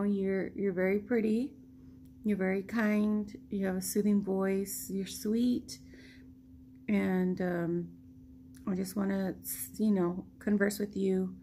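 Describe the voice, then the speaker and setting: Vlogger woman, stuffy nose, mellow tone, slow rambling delivery, faint hum behind. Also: medium pitch. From United States. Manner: slow, rambling, laughs often. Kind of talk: casual storytelling.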